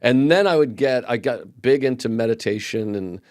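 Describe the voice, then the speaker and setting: A man's voice: mid-range voice, normal speed, darkish tone, no echo, studio quality. A man who is a comedian, guesting on a podcast and speaking frankly and self-deprecatingly. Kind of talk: candid conversation.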